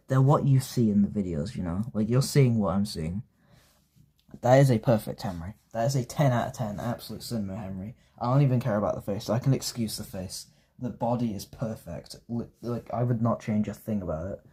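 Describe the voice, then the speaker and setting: Casual male toy reviewer, rambling and excitable, husky mellow voice. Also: fairly low pitch. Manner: rambling, excitable, self-interrupting.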